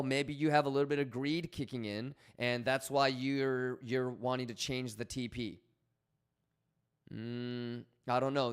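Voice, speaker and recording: A man hosting a casual livestream, energetic and profane, joking with his chat and coaching them with lots of repetition. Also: medium pitch, clear, resonant tone. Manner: coaching, repeats himself. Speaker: livestream host.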